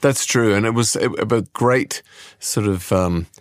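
A man's voice: on the low side, unhurried, no room sound, studio quality. A man hosting a podcast segment, presenting and interviewing in an upbeat, encouraging way.

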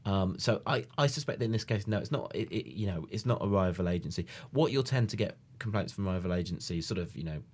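Deep-voiced man, rambling chat. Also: lively intonation, fast talker, few pauses, a little mellow, breathy edge. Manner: rambling, with many fillers and restarts. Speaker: podcast co-host. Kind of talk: casual chat.

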